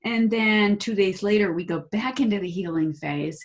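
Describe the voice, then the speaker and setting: A woman of ordinary pitch talks as a guest in an interview. She explains in an animated way and slips into quick acted-out inner voices. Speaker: guest, holistic practitioner.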